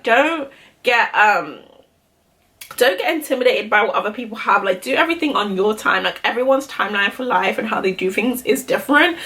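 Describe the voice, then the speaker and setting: Young girl doing a grwm chat, rambles a lot, says like constantly, kinda high voice. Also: fairly bright tone. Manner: chatty, rambling, fills speech with "like". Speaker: beauty vlogger. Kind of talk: casual get-ready-with-me chat.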